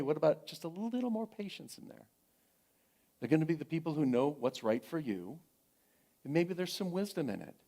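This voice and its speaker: A middle-aged minister delivers a sermon in a gentle, encouraging, conversational way, repeating his phrases and sharing stories about his family. His voice sits fairly high.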